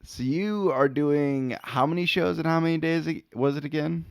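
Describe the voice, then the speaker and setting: A man's voice: on the high side, moderate pace, vocal fry, darkish tone, clean tone, dry recording, clean studio sound. A man hosting a podcast, chatting casually with short, laid-back replies. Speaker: podcast host.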